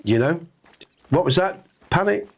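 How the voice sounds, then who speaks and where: A man's voice: a little high, expressive, measured pace, creaky, crowd noise. A middle-aged man hosting a game stream, talking earnestly in a rambling, reflective way with lots of fillers and restarts. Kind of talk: reflective casual chat on stream.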